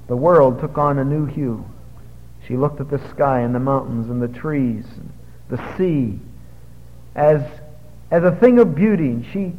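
A man preaching a sermon, dropping to a hush and then rising loud and urgent. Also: mid-range voice, unhurried, long pauses. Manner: dramatic preaching, swinging from hushed to loud. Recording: muffled, with long hall reverb.

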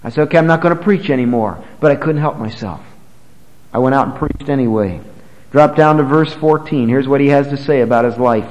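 A man preaching a sermon, swinging from loud, high emphasis to low, quiet lines, and reading scripture aloud in old-fashioned English. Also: fairly quick, long reverb tail, rough recording. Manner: emphatic, rises and drops sharply in pitch and volume.

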